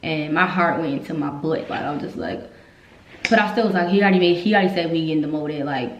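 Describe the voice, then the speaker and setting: Fast-talking woman, just telling it straight, kinda emotional, echoey room. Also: deep voice, highs cut off, a little hiss or hum. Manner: emotional, candid, repeats herself when upset. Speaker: vlogger telling her army story. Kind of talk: casual storytelling vlog.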